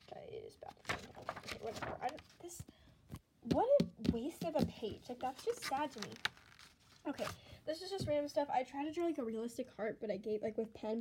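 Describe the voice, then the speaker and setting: Giggly teen girl with a high voice. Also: background noise. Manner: self-mocking, giggly, drops into whispers. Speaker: vlogger. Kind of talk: casual commentary on old sketchbook. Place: bedroom at home.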